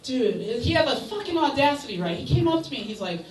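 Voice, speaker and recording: A man's voice: extremely high pitch, big pitch swings, fast, slight background noise. A man doing a stand-up comedy set in a bar, with crude, brash shock jokes. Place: bar comedy stage, indoors. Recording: echoey bar, distant mic, loud crowd.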